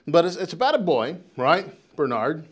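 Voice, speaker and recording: American pastor guy, middle-aged, kinda high voice, rambly sermon with lots of restarts and "right?". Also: sing-song, moderate pace. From United States. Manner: conversational, rambling with many restarts and "right?" tags.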